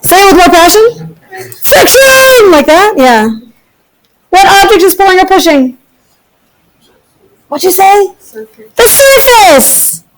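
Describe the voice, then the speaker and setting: A woman's voice: very high-pitched, lively intonation, unhurried, long pauses, a little hiss or hum, poor audio. A woman teaching a physics class, upbeat and often checking in with her students. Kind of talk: classroom lecture.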